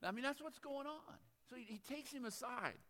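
A man's voice: very high voice, normal speed, sharp tone. A man preaching a sermon as a pastor, reading scripture and breaking off into conversational, chuckling asides. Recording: long hall reverb.

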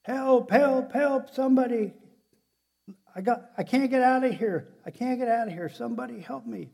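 A frantic town drunk stuck in a pit, shouting for help in a high, strained voice, as a preacher puts him on in a sermon story. The voice jumps well above his normal register and gets loud. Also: moderate pace, gravelly. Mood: panicked.

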